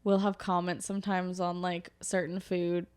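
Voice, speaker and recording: A woman's voice: lowish voice, moderate pace, clear, resonant tone. Female podcast co-host, casual storyteller, playful impressions. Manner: chatty storyteller, animated impressions. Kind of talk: casual chat.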